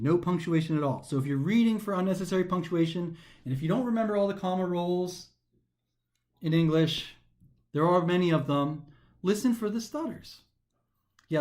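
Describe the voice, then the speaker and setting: A man with a slightly high voice teaches a recorded grammar lesson for a test, speaking animatedly and with emphasis. When reading sentences aloud he slows down to stress the pauses, and he sometimes trips over his words.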